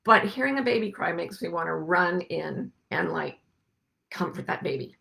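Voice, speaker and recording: A middle-aged woman speaks to a group in a low, gravelly voice. She talks gently and reflectively, slowing down to let key ideas land, with a soft, personal warmth to her musing. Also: animated. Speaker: podcast host and life coach. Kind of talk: reflective spiritual talk to a group.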